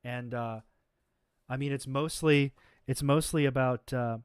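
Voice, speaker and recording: A man's voice: mid-range voice, fairly even intonation, a little slow, clear, resonant tone, no room sound, clean studio sound. A man hosting a livestream, talking off the cuff in an exasperated, confrontational way, saying he is exhausted, with lots of fillers and restarts. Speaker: livestream host. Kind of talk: unscripted livestream rant.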